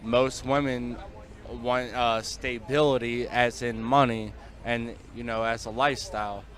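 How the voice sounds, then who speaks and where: A man stopped on a city street gives matter-of-fact answers. His voice is bright. Traffic passes around him. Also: mid-range voice, steady tone, a little slow. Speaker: street interviewee. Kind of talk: casual street interview.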